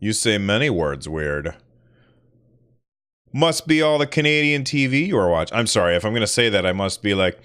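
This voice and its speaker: A man's voice: lowish voice, very animated, normal speed, fairly bright tone, smooth. A man from the northern United States hosting a casual solo podcast livestream, telling rambling, self-deprecating stories. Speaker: podcast host.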